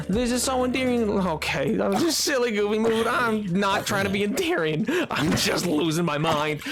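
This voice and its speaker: Playful game streamer, mid-pitched voice, goofy chatter to chat, music behind. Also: animated, normal speed, few pauses. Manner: playful, goofy, sings along and talks to chat. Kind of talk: live-stream gameplay chat.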